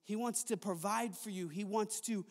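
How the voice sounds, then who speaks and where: A man preaching a sermon in a chapel, impassioned, moving between soft stretches and loud ones. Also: high voice, moderate pace. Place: large chapel hall. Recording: long hall reverb.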